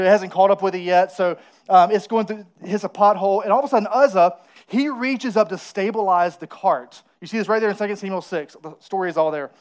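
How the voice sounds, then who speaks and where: Lively preacher man, call-and-response. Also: high-pitched. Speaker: pastor. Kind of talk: sermon.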